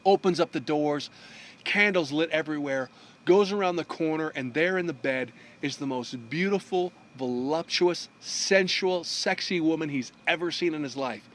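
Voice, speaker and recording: Animated male storyteller, somewhat high voice. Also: normal speed. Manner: animated storyteller, briefly acting out the characters' lines. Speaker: speaker telling a story. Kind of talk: storytelling talk.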